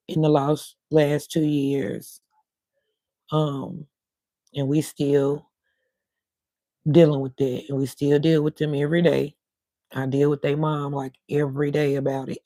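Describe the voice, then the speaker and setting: A middle-aged woman chats loosely with her livestream viewers, wandering from one thing to the next. Her voice is warm and relaxed and keeps cutting in and out. The sound is dry and close. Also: low-pitched, no echo. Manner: rambling, talks to viewers in chat. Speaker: livestream host. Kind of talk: casual livestream chat.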